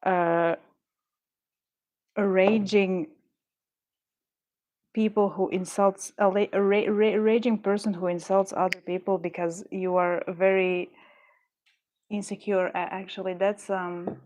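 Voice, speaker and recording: A woman making jewelry at her desk chats loosely with viewers, drifting onto tangents and talking herself down when the work frustrates her. Her mid-range voice barely moves in pitch and has a darkish tone. She speaks slowly, with long pauses.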